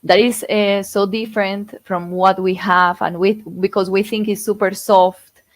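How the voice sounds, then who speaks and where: A woman's voice: medium pitch, level tone, a little slow, no echo. A woman interviewer, a native Spanish speaker, asking questions with enthusiasm and hesitant fillers.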